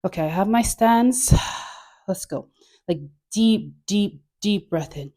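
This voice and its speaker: A woman's voice: mid-range voice, lively intonation, slow, dark tone. A woman leading a guided dance class, chatty and encouraging, laughing often and filling her talk with "like". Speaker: dance instructor.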